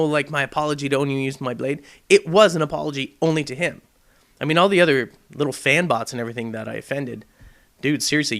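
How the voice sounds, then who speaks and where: A brash young man rants to camera on his gaming vlog with a high-pitched voice. He talks in a provocative, joking way and keeps goading his viewers. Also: a bit bright. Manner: brash, provocative and jokey, mocking voices in quotes.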